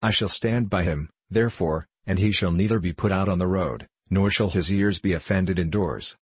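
A man reading the part of a big, strong, steady-tempered comrade. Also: low voice, normal speed, husky, dry recording. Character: huge, strong young man, calm and loyal.

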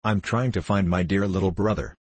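Calm, kindly storybook wanderer, deep and husky, dry, voiced by a man. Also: fairly quick, no room sound.

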